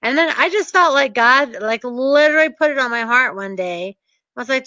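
Woman, high voice, motivational coaching talk, earnest and emphatic, dry slightly muffled recording. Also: animated, moderate pace, bright, forceful tone, dry recording. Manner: earnest, emphatic, repeats points for stress. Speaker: real estate investing coach.

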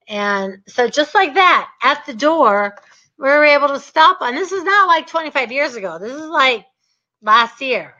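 A woman teaching a real estate seminar, telling stories in an emphatic, energetic way with lots of repetition. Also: sits high, moderate pace, highs cut off.

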